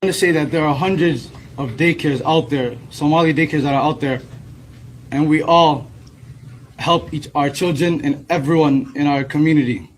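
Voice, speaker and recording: A man giving an earnest, measured statement in a news clip. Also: a little high, slight background noise, low-quality recording.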